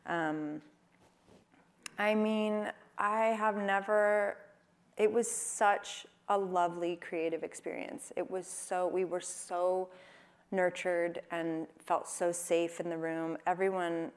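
A woman's voice: fairly low pitch, fairly even intonation, takes it slowly. A woman answering audience questions onstage at a live event, playful and joking between thoughtful answers. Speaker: interview guest, singer-songwriter. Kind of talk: onstage interview Q&A.

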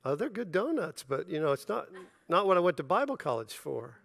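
A middle-aged male pastor delivers a sermon through lively personal storytelling, slipping into the voices of the people in his anecdotes. His voice sits a little higher than most men's. The sound is dry and close, with no room around it. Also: brisk, vocal fry, dry recording. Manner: storytelling, animated, acts out dialogue with laughter.

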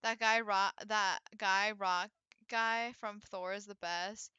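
A woman's voice: medium pitch, steady tone, takes it slowly, pushed and bright, smooth, dry recording, lo-fi sound. A woman streamer in casual live-stream chat, playful and freely swearing as she reacts to clips.

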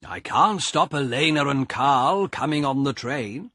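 A man voicing a calm, knowing train guard in a storybook reading, speaking slowly and matter-of-factly. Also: medium pitch, breathy edge, dry recording, clean studio sound, voice pushed up, exaggerated voice. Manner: slow, matter-of-fact.

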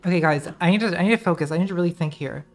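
A woman's voice: on the low side, rapid-fire, darkish tone. A woman streamer giving casual, rambling commentary while playing a game, distracted and swearing as she talks to herself.

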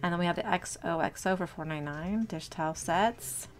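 Walking through an indoor retail store with her phone in hand, a young shopping vlogger chats casually, gushes about cute finds and fills her talk with ums. Her voice is fairly low and a little fast.

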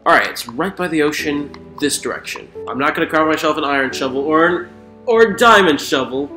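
A man giving excitable let's play commentary while gaming, swearing and talking to the creatures in the game. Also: a little high, brisk. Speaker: gamer. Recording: roomy echo with faint music.

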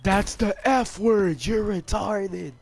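A man's voice: high voice, slow pace, vocal fry, darkish tone, slight background noise. A man trash-talking an opponent over online game chat, mocking and insulting. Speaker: online gamer.

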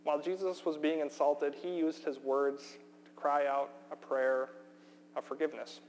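A man preaching a sermon as pastor, earnest and emphatic, slowing down with deliberate pauses for weight. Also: a little high, level tone, darkish tone. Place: church sanctuary. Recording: long hall reverb, faint hum.

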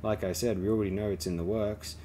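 A man reading the lines of a shrewd male smuggler who talks calmly and reasonably. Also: lowish voice, quick pace, a little hiss or hum, close to an everyday voice. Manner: calm, reasonable tone.

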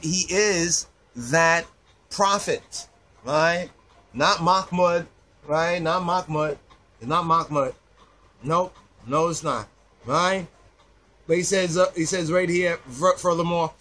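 A man's voice: on the high side, a bit bright. A man teaching a sermon, reading scripture verses aloud and checking in with "right?" after nearly every phrase. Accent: Rastafari "I and I" speech. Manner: reads verses aloud, frequent "right?" tags. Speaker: Rastafari preacher.

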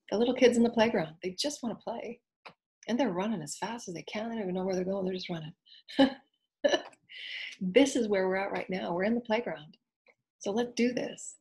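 A woman with a low, breathy voice leads an inspirational spiritual talk. She speaks in earnest, flowing phrases and keeps returning to gentle repeated affirmations, sometimes dropping to a whisper. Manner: soft, repetitive affirmations. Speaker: spiritual teacher.

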